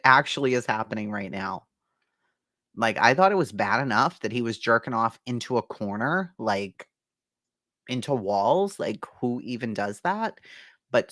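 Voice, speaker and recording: A woman's voice: very deep voice, fairly bright tone, no room sound, clean studio sound. A woman reading court testimony aloud and reacting with incredulous, profane commentary, laughing between lines. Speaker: commentary host.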